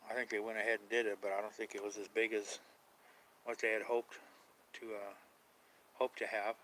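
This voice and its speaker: A man's voice: lowish voice, flat delivery, normal speed, fairly bright tone, a little hiss or hum, poor audio. A man chatting casually on a live stream about paranormal outings, rambling, unsure and trailing off mid-thought.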